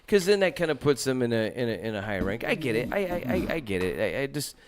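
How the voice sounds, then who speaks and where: A man hosting a podcast in relaxed conversation with friends. He stumbles over repeated words, swears freely and gets animated when he gets going. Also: medium pitch, quick pace, noisy background. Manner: stammering, profane, animated. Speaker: podcast host. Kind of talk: casual chat.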